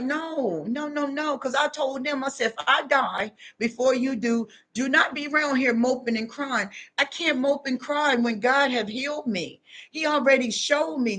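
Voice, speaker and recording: A woman, giving a loud, animated motivational talk to her viewers and laughing often. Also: sits high. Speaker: online talk host.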